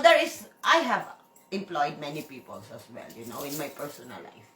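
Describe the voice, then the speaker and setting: A woman's voice: fairly low pitch, bright, forceful tone, reverberant, a little hiss or hum. A woman with a Filipino accent talking to camera in a rambling, emphatic vlog monologue, repeating herself and breaking into laughs. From Philippines. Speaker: vlogger.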